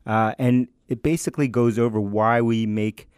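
A man co-hosting a podcast in casual chat, relaxed and teasing, using slang. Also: mid-range voice, normal speed, smooth, dry recording, clean studio sound. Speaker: podcast co-host.

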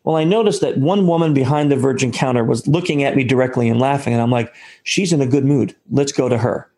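A man's voice: medium pitch, fast. A man being interviewed as an author, telling stories and acting out the quoted lines of the people in them. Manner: animated storyteller who acts out quoted dialogue. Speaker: guest author. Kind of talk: storytelling in a podcast interview.

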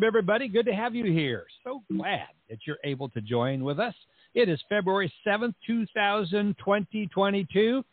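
A man's voice: high voice, dry recording. A middle-aged man hosting a podcast in a chatty, rambling way with asides. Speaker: podcast host. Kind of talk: casual show opening. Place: Central Texas. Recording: tinny phone-line audio.

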